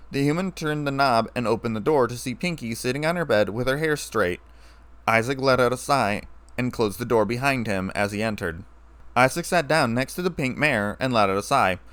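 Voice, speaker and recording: A man narrating a fan fiction story in a steady, plain way. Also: medium pitch, no room sound.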